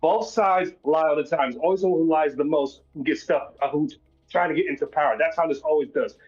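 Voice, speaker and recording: A man with a slightly high voice rants in heated bursts over a voice call. His audio comes through dull and lo-fi, with faint music playing underneath. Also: brisk. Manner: angry ranting. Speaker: voice chat participant. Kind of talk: heated casual discussion. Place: at his workplace.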